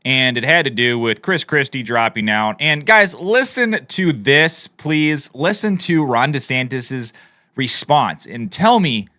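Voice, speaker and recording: A man's voice: medium pitch, expressive, a little slow, sharp tone, no echo, clean studio sound. A man giving casual, opinionated commentary over played video clips. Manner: opinionated, conversational, frequent fillers. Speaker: political commentator.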